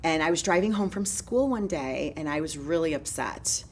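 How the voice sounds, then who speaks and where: A low-pitched woman in her forties runs her own real estate company and tells her story in an interview. She is energetic and moves quickly from one thread to the next. A faint hum sits in the background. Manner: energetic, fast-moving storyteller.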